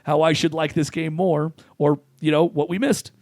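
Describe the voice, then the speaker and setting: Laid-back man with a higher voice. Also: steady tone, normal speed, darkish tone, no room sound, studio quality. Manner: laid-back, lots of short "okay" responses. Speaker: podcast host. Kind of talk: casual chat.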